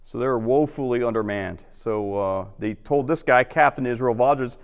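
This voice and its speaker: A man giving an informal history talk to a roundtable audience, chatty and acting out quotes in lively voices. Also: mid-range voice, normal speed, hardly any pauses, in a large hall. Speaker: guest historian. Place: lecture hall.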